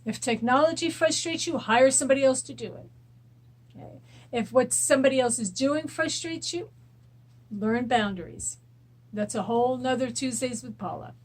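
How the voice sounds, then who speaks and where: A woman's voice: sits high, lively intonation, normal speed, slightly rough. A woman hosting a weekly self-help show, guiding listeners through a tapping exercise with repeated affirmations. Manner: repetitive affirmations, gentle coaching. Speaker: host and rapid eye technician.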